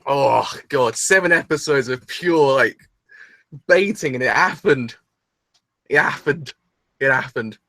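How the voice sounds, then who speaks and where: Gushing young man, lively and bright. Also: medium pitch, unhurried, vocal fry, pauses often, no echo. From England. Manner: breathless, gushing, exclamatory with rambling restarts. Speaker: anime reaction host. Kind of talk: excited solo reaction video.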